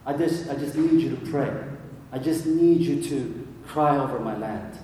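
A man voicing God as a calm, commanding presence, speaking low and earnestly in his own voice. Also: normal speed, a little hiss or hum, close to an everyday voice. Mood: solemn. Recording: echoey hall from far off.

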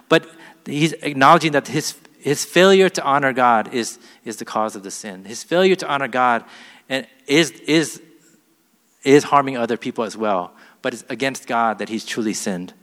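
A man's voice: medium pitch, animated, moderate pace, a bit bright. A man preaching a sermon, reading scripture aloud with weight and then explaining it in plain, earnest words. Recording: long hall reverb.

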